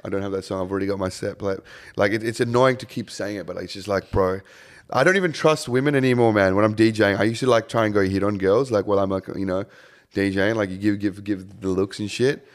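A man's voice: lowish voice, quick pace. A young man, a DJ chatting casually on a podcast, swearing freely and acting out stories. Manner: swears a lot, acts out crowd scenes loudly. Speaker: touring DJ guest.

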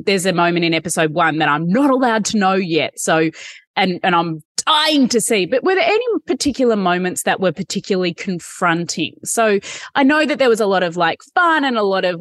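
A woman's voice: mid-range voice, fairly bright tone, no room sound, clean studio sound. A woman interviewing a group in a casual, jokey, chatty way. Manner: chatty, jokey, self-deprecating.

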